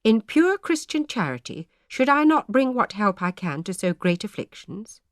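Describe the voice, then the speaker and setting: A woman voicing a gentle, devout pastor's wife who speaks earnestly and imploringly. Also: medium pitch, big pitch swings, moderate pace, dry recording, studio quality, voice pushed up, close to an everyday voice. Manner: earnest, imploring, soft-spoken.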